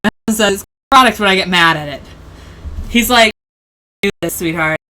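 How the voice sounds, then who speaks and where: A woman's voice: mid-range voice, lively intonation, brisk, sharp tone, slight background noise, poor audio. A woman hosting a casual livestream, rambling through tangents and laughing often. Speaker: host.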